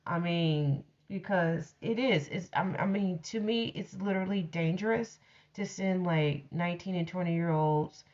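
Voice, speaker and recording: A woman talks through a personal story at an unhurried, drawn-out pace, blunt and freely profane. Her voice comes through a dull, lo-fi recording with muffled highs. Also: darkish tone. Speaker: storyteller host. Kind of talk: casual storytelling monologue.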